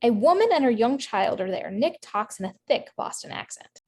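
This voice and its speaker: A woman reading screenplay stage directions in a brisk, matter-of-fact way. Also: a little high, big pitch swings, a little mellow. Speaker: narrator reading action lines.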